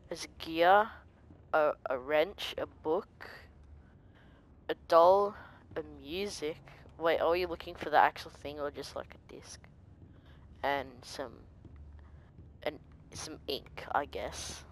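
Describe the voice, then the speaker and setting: A game player giving quiet let's-play commentary, talking softly and easily startled. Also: mid-range voice, slow, long pauses.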